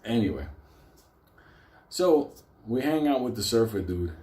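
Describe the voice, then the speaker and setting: A man's voice: lowish voice, big pitch swings, a little slow, dark tone, roomy sound. A man telling a story casually, swearing constantly and laughing between lines. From New York.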